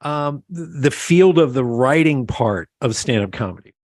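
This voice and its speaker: Close-miked and dry, a middle-aged man with a medium-pitched voice hosts a relaxed podcast interview at normal speed. He's an animated storyteller who imitates the voices of whoever he's describing.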